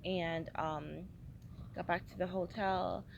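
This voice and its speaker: Young woman, hungover and tired, filler-heavy rambling vlog, slightly low pitch, faint background noise. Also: steady tone, slow pace, vocal fry, dull audio. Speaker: vlogger. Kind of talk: casual travel diary vlog. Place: airport waiting area.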